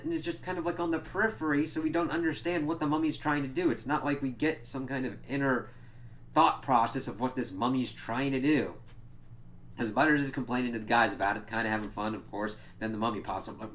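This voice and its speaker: A man's voice: fairly low pitch, fairly quick, a bit bright, slight background noise. A man giving a casual spoken review of a cartoon episode, swearing often and sounding exasperated as he mock-quotes the characters.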